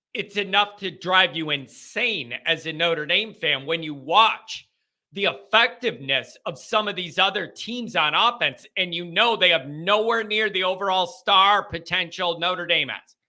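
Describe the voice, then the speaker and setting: Bright-voiced, ranting young man host. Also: sits high. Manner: heated, ranting and exasperated. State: stuffy sinuses. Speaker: fan show host. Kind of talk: live-streamed fan show rant.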